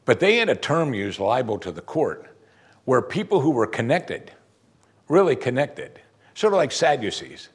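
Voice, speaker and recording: A pastor preaching a sermon with emphatic, lively delivery and frequent rhetorical questions. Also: male voice, medium pitch, breathy edge.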